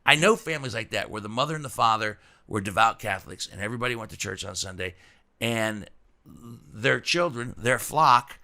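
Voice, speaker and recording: Male podcast host, gravelly bright tone, joking manner with stammered restarts. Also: medium pitch, animated, normal speed. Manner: joking, stammering restarts, puts on voices for quotes. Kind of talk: casual podcast chat.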